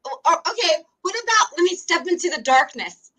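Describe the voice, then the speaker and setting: A woman's voice: very high-pitched, big pitch swings, a little fast, fairly bright tone. A woman hosting a podcast, chatting casually and bubbly, laughing often. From Ohio, USA. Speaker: podcast host. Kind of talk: casual chat.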